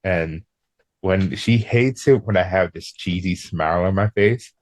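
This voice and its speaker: A man's voice: sits low, measured pace, no room sound. A man from the American Northeast hosting a casual podcast interview, laid-back, swearing casually and laughing a lot. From Northeastern United States. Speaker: podcast host.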